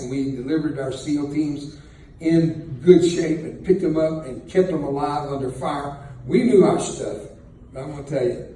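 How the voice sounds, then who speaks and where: A man's voice: mid-range voice, warm tone. An older man telling a war story to an audience in a folksy, joking way, chuckling as he talks. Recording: very echoey room, distant mic, faint noise.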